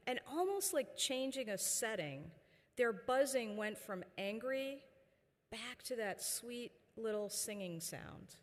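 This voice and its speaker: A woman giving a commencement address as university chancellor, telling a personal story with fillers and pauses. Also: a little high. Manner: warm storytelling with frequent fillers. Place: large indoor ceremony hall. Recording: long reverb of a large ceremony hall.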